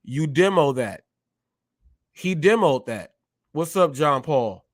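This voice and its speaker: Animated man talking on a live stream. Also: on the high side, slow, no room sound, studio quality. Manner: animated, repeats himself, acts out exchanges in a raised voice. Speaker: show host.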